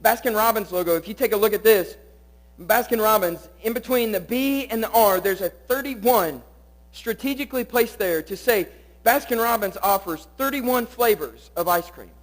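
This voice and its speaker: A man giving a youth group sermon, swinging from rising, pleading peaks to hushed, quiet drops, in a poor-quality recording. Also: high voice, moderate pace. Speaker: youth pastor.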